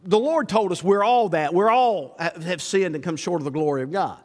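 A man's voice: high-pitched, a little fast, a little mellow. A man preaching a sermon as a pastor, asking rhetorical questions and repeating himself as he builds his points. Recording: long hall reverb.

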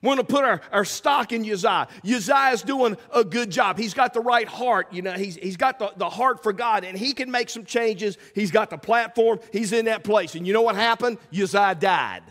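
A man preaching a sermon as pastor, swinging from loud calls to hushed asides. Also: sits high, moderate pace, hardly any pauses. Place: church sanctuary. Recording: church sanctuary with long reverb.

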